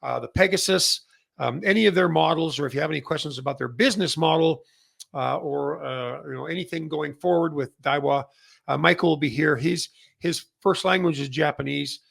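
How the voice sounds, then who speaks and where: A middle-aged man from Canada talks through a casual industry update in a husky, deeply gravelly voice that sits a touch high for a man. He rambles along with plenty of fillers and restarts. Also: brisk, a bit bright. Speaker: massage chair retailer and show host.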